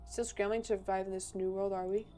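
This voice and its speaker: A woman voicing a calm, menacing otherworldly visitor in a game, speaking in a slow, taunting, philosophical way. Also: medium pitch, natural voice. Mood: taunting, eerie.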